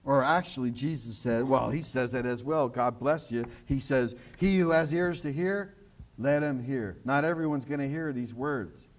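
A male pastor preaching a sermon, emphatic and repetitive, often dropping to a low, quiet voice for asides. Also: normal speed. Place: church broadcast on radio and online.

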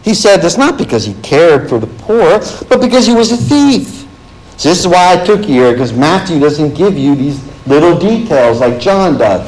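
A man's voice: a little high, big pitch swings, normal speed, darkish tone, poor audio. A middle-aged man preaching a sermon, reading scripture aloud and stressing it with emphasis. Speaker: pastor.

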